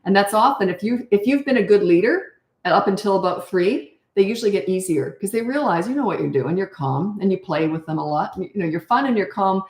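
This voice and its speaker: An older woman coaching parents in a blunt, animated way, answering questions and acting out how to talk. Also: mid-range voice, fairly quick, few pauses, echoey room. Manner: blunt, animated, acts out parent and child voices.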